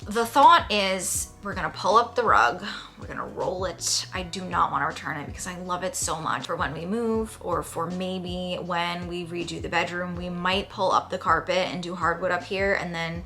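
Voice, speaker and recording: A woman's voice: fairly low pitch, normal speed, few pauses, sharp tone, faint music behind. A young woman vlogging casually at home, gushing and a little dramatic as she talks to the camera. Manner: gushing, self-aware dramatic. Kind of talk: casual vlog talk to camera. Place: home bedroom, indoors.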